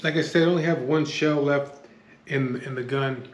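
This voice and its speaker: A man's voice: medium pitch, steady tone, normal speed, reverberant. Blunt, hard-swearing man telling a story. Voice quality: blunt, heavy swearing, restless restarts. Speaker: storyteller recounting a street standoff. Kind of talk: casual spoken storytelling.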